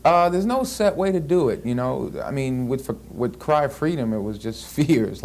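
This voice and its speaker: A man's voice: medium pitch, expressive, moderate pace, few pauses, a little mellow. A man in his thirties, an actor being interviewed, answering casually with many fillers and restarts. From United States. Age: 30s. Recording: archival interview tape with faint hiss.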